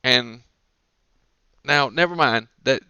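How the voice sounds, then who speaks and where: A man's voice: mid-range voice, slow pace, bright, forceful tone, clean tone, dry recording. A man with a Southern American accent co-hosting a casual comedy podcast, rambling through stories and acting out the people in them. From Southern United States. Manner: rambling storyteller, acts out characters with big voices. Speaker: podcast co-host.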